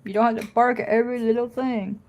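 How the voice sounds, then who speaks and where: A woman's voice: a little high, flat delivery, quick pace, a little mellow. A woman chatting casually on a phone livestream at home, talking to viewers and scolding her dog in between. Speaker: puzzle live streamer.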